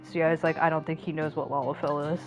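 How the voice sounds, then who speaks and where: A woman's voice: low voice, flat delivery, fast, highs cut off, music in the background. Joking, profane woman streamer. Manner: joking, profane, acts out characters' reactions. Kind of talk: casual gameplay commentary.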